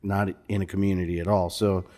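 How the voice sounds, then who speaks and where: Laid-back low-voiced man from Missouri. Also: little pitch movement, a little fast, a little mellow. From Missouri, USA. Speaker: musician guest. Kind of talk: casual interview conversation. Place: bar lounge.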